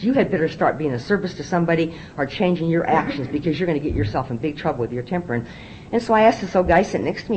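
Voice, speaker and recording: An older woman tells her story to a meeting, her voice leaping up and down as she acts out each exchange. She talks quickly and confidingly, with a lowish tone. A faint rumble sits behind her. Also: rough recording. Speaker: AA speaker. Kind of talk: recovery meeting talk, storytelling.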